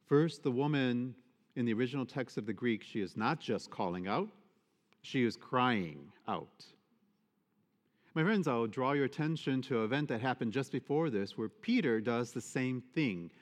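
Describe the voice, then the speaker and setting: A male priest giving a sermon, expressive and emphatic, often asking the congregation rhetorical questions. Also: mid-range voice. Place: church. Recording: long church reverb.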